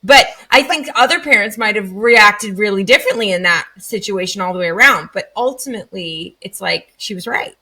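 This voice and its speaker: A woman in her thirties, a podcast guest, chatting casually and acting out anecdotes with lively emphasis. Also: medium pitch, brisk, hardly any pauses, breathy edge. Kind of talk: casual conversational storytelling.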